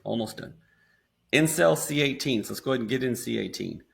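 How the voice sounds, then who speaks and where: A man with an American accent casually talking students through a screen-recorded software tutorial step by step. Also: medium pitch, brisk, creaky. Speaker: instructor.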